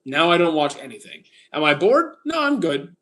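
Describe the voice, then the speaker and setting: A man in his thirties from Canada chats casually with his livestream audience. His voice sits a little high for a man. He picks up viewer questions one at a time and answers them in short, plain replies, often with an "uh" before he starts. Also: sing-song, moderate pace, sharp tone. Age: 30s. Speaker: streamer answering chat.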